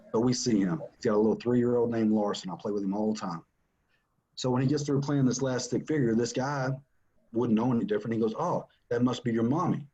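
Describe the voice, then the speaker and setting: With a fairly low, mellow voice on lo-fi sound, a man shares his family story as a father. His personal testimony is earnest and emphatic, and he repeats himself for stress.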